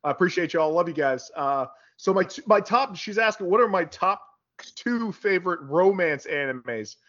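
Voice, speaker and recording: A man's voice: high voice, lively intonation, moderate pace, a bit bright. A man in a casual group chat, joking and playfully arguing his picks. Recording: dull lo-fi sound.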